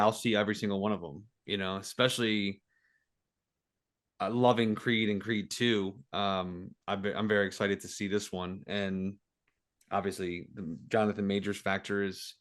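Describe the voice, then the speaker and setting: A man's voice: on the low side, a bit bright. A man on a movie review podcast, answering in meandering, hedging casual talk with many fillers. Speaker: podcast panelist.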